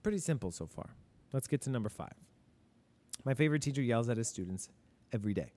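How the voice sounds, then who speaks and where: Speaking quickly and with lots of energy, this man has a warm, mid-range voice. He's a teacher running a relaxed grammar lesson, firing off his own questions and then answering them, and he's easygoing enough to admit when he gets something wrong.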